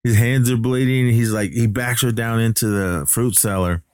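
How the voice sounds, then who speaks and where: A man's voice: medium pitch, fairly even intonation, moderate pace, no echo, studio quality. A man casually recapping a horror film, rambling and correcting himself with many fillers. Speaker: movie recapper.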